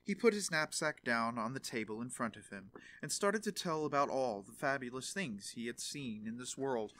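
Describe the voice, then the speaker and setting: A man narrating a fairy tale audiobook in an expressive storytelling manner. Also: mid-range voice, moderate pace.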